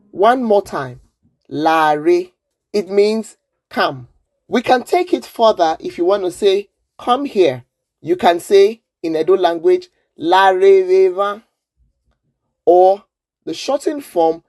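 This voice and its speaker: A woman teaching simple words in a clear lesson, patient and encouraging as she has learners repeat after her. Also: medium pitch, darkish tone. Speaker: language teacher.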